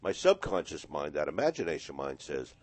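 A man's voice: extremely low pitch, huge pitch swings, fairly quick, darkish tone, dry recording. A man, a hypnotist guest on a radio interview, telling stories and acting out the voices in them. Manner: storytelling, acts out quoted voices. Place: radio studio.

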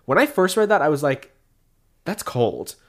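A man's voice: high voice, very animated, fast talker. A man co-hosting a casual podcast, recapping online drama and filling his talk with "like". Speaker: podcast co-host. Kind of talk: casual chat.

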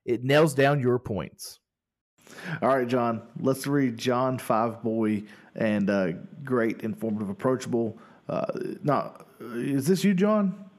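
A man's voice: medium pitch, slow pace. A man co-hosting a casual podcast, playful and joking as he reads reviews. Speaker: podcast co-host.

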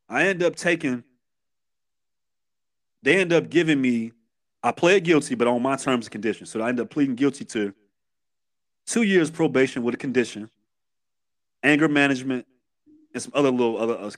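A man's voice: on the high side, a bit bright. A man in his thirties from Chicago with a Chicago accent, a podcast guest retelling his past in candid, streetwise storytelling with many restarts. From Chicago, USA.

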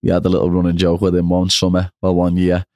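A man's voice: deep voice, completely flat delivery, quick pace, darkish tone, no room sound. A young man chatting casually, peppering his talk with "lad". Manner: chatty, says "lad" and "you know what I mean". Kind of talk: casual chat.

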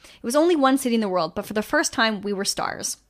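A woman host telling a band's story in a casual chat, animated, with fillers and trailing asides. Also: a little high, quick pace. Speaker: podcast host.

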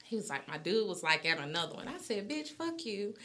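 A woman's voice: mid-range voice, brisk, a little hiss or hum. A young woman telling a brash, profane story in casual chat, acting out both sides of the dialogue. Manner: animated storytelling, quotes people in dialogue; brash, swears freely.

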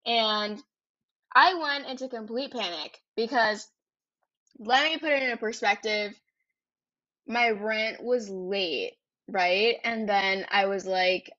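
A woman's voice: medium pitch, takes it slowly, pushed and bright, highs cut off. Chatty young woman telling her story. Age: 20s. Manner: candid and chatty, swears freely, many "like" and "right?" tags. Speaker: podcast host. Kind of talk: casual personal storytelling.

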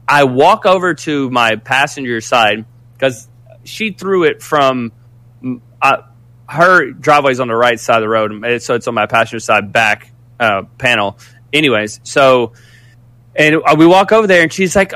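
A man casually telling a story, animated and profane, rambling with restarts. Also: medium pitch, normal speed.

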